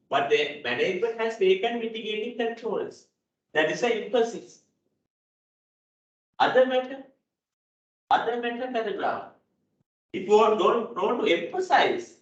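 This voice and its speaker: A man giving a classroom lecture on accounting, repeating key points and checking in with "right?". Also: high-pitched. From Sri Lanka. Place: lecture hall. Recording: dull, echoey hall audio from a distance.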